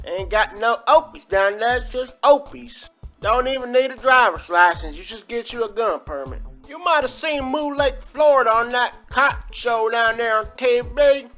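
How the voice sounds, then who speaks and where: A man's voice: extremely high pitch, normal speed, pushed and bright, soft background music. A man hosting a comedic countdown, talking in a rambling, folksy, exaggerated drawl. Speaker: host of a countdown video.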